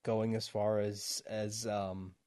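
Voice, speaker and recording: A man's voice: lowish voice, flat delivery, takes it slowly, a little mellow, no echo, studio quality. A man hosting a podcast in casual chat, rambling with fillers and frequent laughs. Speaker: podcast host.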